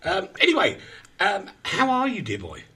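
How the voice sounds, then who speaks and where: A man's voice: high-pitched, huge pitch swings, normal speed, bright, forceful tone, husky. A man hosting an online radio show in casual, self-mocking chat, flustered while he fights with his equipment.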